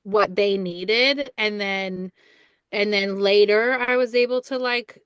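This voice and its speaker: A woman's voice: mid-range voice, slow pace, fairly bright tone, clear, resonant tone, no room sound, clean studio sound. A woman guest on a podcast, speaking earnestly and thoughtfully in casual conversation, tending to ramble.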